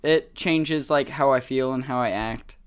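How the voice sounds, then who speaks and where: A young man speaks quietly in a casual podcast chat. He trails off with fillers and sounds a little hesitant, keeping his voice low in level. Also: unhurried, clear, resonant tone. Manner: soft-spoken, quiet, hesitant. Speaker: podcast co-host.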